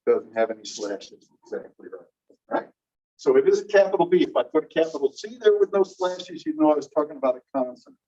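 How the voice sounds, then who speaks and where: A man teaching a linguistics class, explaining slowly and repeating key phrases while checking that students follow. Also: fairly high pitch, big pitch swings, dark tone. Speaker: linguistics instructor. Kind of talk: classroom lecture. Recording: muffled distant classroom recording.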